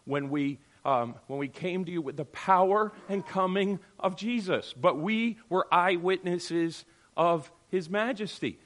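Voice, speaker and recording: A man teaching from scripture in a lively, conversational way, slipping into quick little voices for his listeners. His voice sits a bit high for a man and jumps between loud bursts and near-murmurs. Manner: animated, acts out quoted voices, sudden drops to near-murmur. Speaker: Bible teacher.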